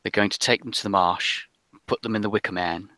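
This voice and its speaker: A man voicing a frightened little French girl with a put-on French accent, pleading in a hushed, urgent way. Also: lowish voice, steady tone, brisk, dry recording.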